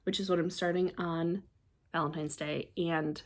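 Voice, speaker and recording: Chatty, excitable woman vlogger. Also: lowish voice, moderate pace. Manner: chatty, excitable, trails off and restarts. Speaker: crafting vlogger. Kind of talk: casual show-and-tell chat.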